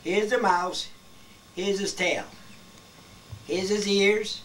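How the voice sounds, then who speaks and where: A man's voice: sits high, slow pace, a bit bright. A man in his eighties telling old family stories in casual talk, chuckling as he goes and walking his listeners through each step. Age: 80s. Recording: distant home video with clear background noise.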